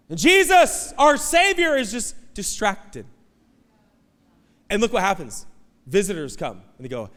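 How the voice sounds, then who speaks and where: A man preaching a sermon as pastor, animated, breaking into loud, high outbursts as he acts out pleading voices from the story. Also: moderate pace, pauses often, long reverb tail. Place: church auditorium.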